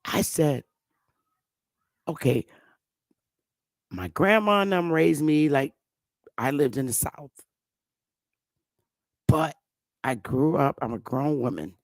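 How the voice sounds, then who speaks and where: A woman from Connecticut hosting a casual conversation, talking in a slow, emphatic, outspoken way. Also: low voice, lively intonation, no room sound. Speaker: host.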